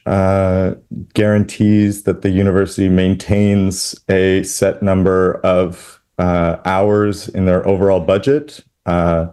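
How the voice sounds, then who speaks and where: A union representative, a man, answering an interview in a halting way, with many ums and uhs. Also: deep voice, warm tone. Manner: hesitant, with many fillers.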